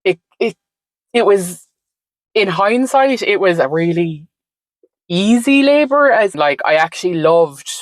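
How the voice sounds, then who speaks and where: A woman appearing as a podcast guest tells her story conversationally, reflective and meandering, with frequent "like" and "um." Her fairly low voice is unhurried, and the poor-quality audio has no room sound.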